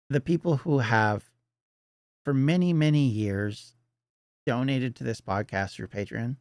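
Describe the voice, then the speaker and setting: A man's voice: medium pitch, no echo, clean studio sound. A middle-aged Canadian man hosting a podcast, talking earnestly in a rambling solo monologue full of restarts. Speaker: podcast host.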